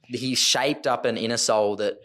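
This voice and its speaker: A man's voice: mid-range voice, steady tone, moderate pace, fairly bright tone. A man, an ultra runner who tells his story loosely and rambles on a podcast. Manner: loose, rambling, full of "like" fillers. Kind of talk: casual podcast conversation.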